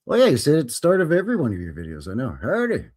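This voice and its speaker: A man's voice: medium pitch, huge pitch swings, rapid-fire, a little mellow. A man from Canada hosting a casual live stream, chatting and greeting viewers by name in a folksy way.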